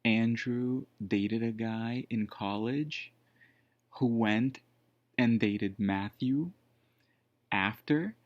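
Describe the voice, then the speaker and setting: A man's voice: medium pitch, extremely slow, pauses often, no echo. A man casually telling a personal story, rambling with lots of fillers and restarts. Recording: dull lo-fi dry sound.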